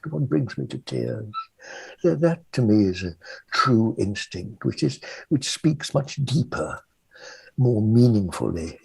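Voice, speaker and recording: An older man from England answers questions as a mystic and author, in a halting, gentle way that often trails off softly. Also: on the low side, vocal fry, husky, no room sound, poor audio. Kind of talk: reflective interview answer.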